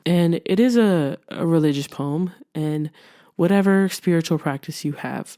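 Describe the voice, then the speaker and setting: Low, mellow-voiced woman giving earnest encouragement. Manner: earnest, encouraging, conversational with fillers. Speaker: podcast host. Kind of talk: heartfelt motivational self-help talk.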